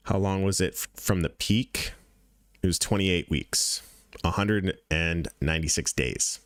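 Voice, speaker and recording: A man's voice: deep voice, measured pace, a bit bright, no room sound, clean studio sound. A man hosting a crypto trading channel, giving casual market commentary over charts in a blunt, profane way, repeating points for emphasis.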